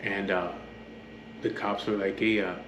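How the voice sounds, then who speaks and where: A man's voice: on the low side, little pitch movement, measured pace, a bit bright, lo-fi sound. A man from the Los Angeles area, casually telling his own story in a blunt, profane, matter-of-fact way, acting out what others said in his own voice. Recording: echoey room with faint background hum.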